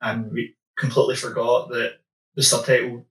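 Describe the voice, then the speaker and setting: A man's voice: mid-range voice, monotone, moderate pace, poor audio. A Scottish man chatting as a podcast guest with dry, wry humour. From Scotland. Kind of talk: casual chat.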